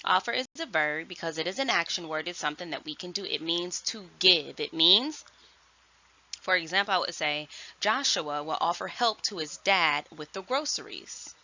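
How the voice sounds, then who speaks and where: A woman first grade teacher giving a virtual lesson, speaking slowly and enunciating clearly. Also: on the low side, expressive, sharp tone, dry recording. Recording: dull lo-fi sound.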